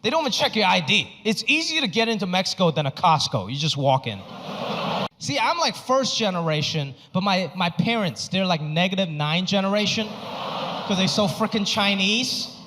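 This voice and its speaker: A stand-up comedian from Hong Kong in his thirties, performing an animated, exaggerated set on a theater stage. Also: sits high, background noise. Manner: animated, exaggerated, quick punchlines. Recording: stage mic in a reverberant hall.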